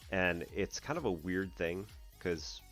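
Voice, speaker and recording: Slow, deep-voiced man rambling between laughs. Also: animated, a bit bright, faint music behind. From US Northeast. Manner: rambling, laughs often, clears throat. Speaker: math stream host. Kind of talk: casual livestream chat.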